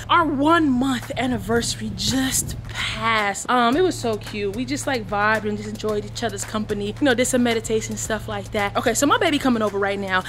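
A woman's voice: a little high, a bit bright, slight background noise. A young woman in her twenties vlogging to the camera in a casual, hyped, playful way, full of slang. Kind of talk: casual vlog talk to camera.

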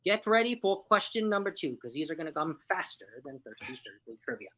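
A woman's voice: low-pitched, sing-song, fairly quick, fairly bright tone, rough recording. A woman hosting a live stream trivia game in a chatty, upbeat way, laughing often as she reads out chat replies. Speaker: livestream host running a trivia game.

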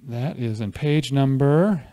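A man's voice: mid-range voice, takes it slowly, mellow. A man preaching a conversational sermon at a church fellowship, often asking the congregation questions.

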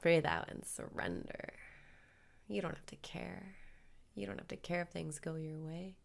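Low, slow woman with gravelly fry. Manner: soft, slow, calm, drifting into whispers. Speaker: meditation guide. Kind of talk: guided meditation parody.

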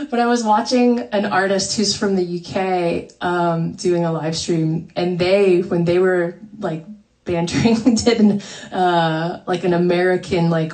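A woman's voice: on the low side, a little mellow. A woman singer-songwriter chatting casually between songs on a livestream from home, talking in a self-deprecating way and laughing often. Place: home, by a fire. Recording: voice somewhat distant from the mic.

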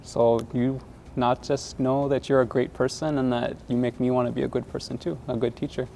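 Earnest gravelly-voiced man teacher. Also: mid-range voice, flat delivery, brisk, warm tone, a little hiss or hum. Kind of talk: heartfelt thanks to a student.

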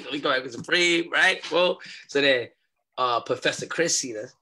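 A young man telling a story as a podcast guest, in animated street talk and acting out what people said. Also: fairly high pitch, normal speed, gravelly, slightly rough. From New York.

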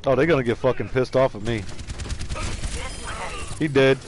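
A man giving live commentary over his own gameplay, excitable and full of profane trash talk, yelping and laughing at his plays. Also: medium pitch, normal speed, slight background noise. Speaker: streamer.

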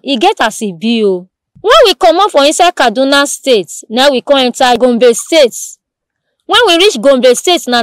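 A woman news presenter speaking with a Nigerian Pidgin accent, telling the day's stories in a lively, repetitive storytelling way with exclamations. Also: high voice, no room sound, clean studio sound. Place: studio.

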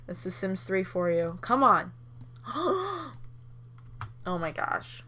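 A young woman hosting a Let's Play, reacting with excited laughs and swearing as she plays. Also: on the low side, slow pace, pauses often. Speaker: gaming channel host.

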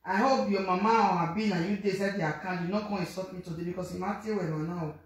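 Talking quickly in a mid-range voice with fairly even intonation, a Nigerian-accented speaker comments casually on online drama. They exclaim often, repeat phrases, and switch between Pidgin and Yoruba, and the room sounds reverberant.

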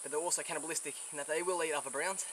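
In an outdoor bush setting, an Australian man handles a venomous snake and speaks very fast in a slightly high voice with fairly even intonation. He trades soothing murmurs for eager explanation, sweaty and a little winded. Loud buzzing insects and crickets dominate the field recording.

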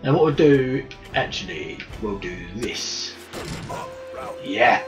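A gamer with a lowish voice and lively intonation speaks slowly while commentating his own play. He swears constantly in frustrated outbursts, picked up by a distant mic under loud game music.

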